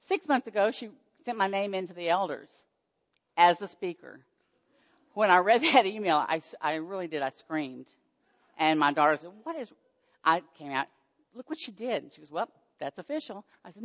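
An older woman, born in Oklahoma but speaking with a Texan accent, gives a personal faith testimony as a guest speaker in a church hall, her voice swinging widely in pitch at a moderate pace. Nervous and self-deprecating, she tells chatty stories and acts out conversations with jumps in pitch. The recording is dull and echoey.

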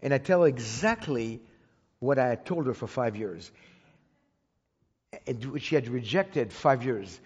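Unhurried and given to long pauses, this Bible teacher speaks to his congregation in a medium-pitched voice that is darkish and breathy-edged, with lively intonation. His sermon unfolds as a personal story told conversationally, with frequent restarts and repeated words. The recording is dull, with long hall reverb.

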